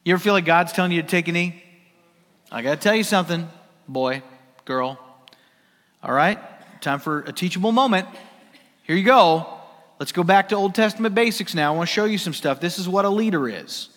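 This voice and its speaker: A man preaching a sermon, swinging between loud emphasis and hushed near-whispers. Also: high-pitched, expressive, fast. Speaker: pastor. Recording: long hall reverb.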